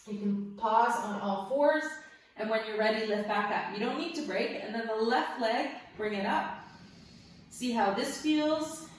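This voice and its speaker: A woman leads a guided yoga class in a gentle, upbeat voice that sits a little high. She cues breaths and poses cheerfully and laughs easily. The room is very echoey and she stands some distance from the mic. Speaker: yoga instructor.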